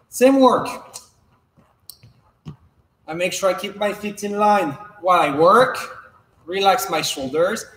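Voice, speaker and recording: A man fencing coach leading a follow-along footwork class, giving calm, measured instructions and counting out drills as he moves. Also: high-pitched. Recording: echoey hall reverb.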